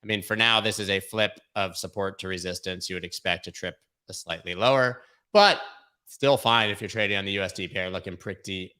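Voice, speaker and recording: A man with a fairly low but bright, forceful voice hosts a crypto market show. He gives live chart commentary in a brash, joking, excitable way.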